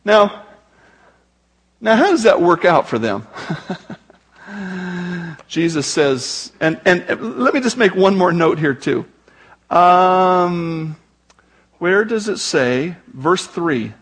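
A man's voice: high voice, animated, slow, long pauses, fairly bright tone, slightly rough. A man preaching a sermon as pastor, talking conversationally with joking asides to the congregation.

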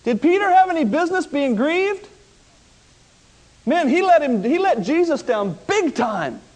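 Preacher, male, high-pitched, dramatic sermon delivery that swings from loud to hushed. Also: a little slow. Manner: animated storytelling, voicing the people of the story with swings from loud to hushed.

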